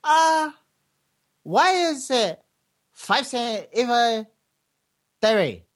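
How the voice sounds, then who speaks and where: A man's voice: very animated, a bit bright. A man voicing a timid shopper with broken English who haggles over a coconut price. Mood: polite haggling. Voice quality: squeaky, halting.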